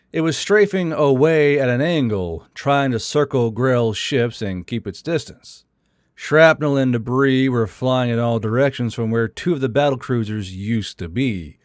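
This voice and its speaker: A man narrating a science fiction story in a steady, scripted storytelling voice. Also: mid-range voice, no room sound, clean studio sound.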